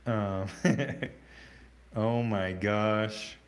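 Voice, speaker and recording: A man hosting a casual livestream, reading out chat comments in a rambling, halting way with many fillers and restarts. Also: lowish voice.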